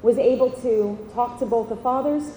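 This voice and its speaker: A woman's voice: fairly high pitch, moderate pace, dark tone, roomy sound, in a large hall, a little hiss or hum, rough recording. A woman giving a keynote speech at an outdoor event, telling a personal story in earnest, emotional, fragmented phrases. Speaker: keynote speaker. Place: outdoor event at a horse park.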